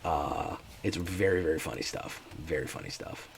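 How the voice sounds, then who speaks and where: A laid-back man streaming a card game, rambling casually to his viewers between plays. His voice sits very low with a gravelly fry. A faint hiss stays in the background. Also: normal speed. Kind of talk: casual gameplay chat.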